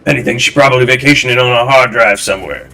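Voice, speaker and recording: A man's voice: medium pitch, quick pace, gravelly, bright, forceful tone, soft background music, pitched above the performer's own voice. A man voicing a rude, hostile local man who taunts and blocks the way. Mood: taunting. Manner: taunting, aggressive. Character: rude southern male local, hostile gatekeeper.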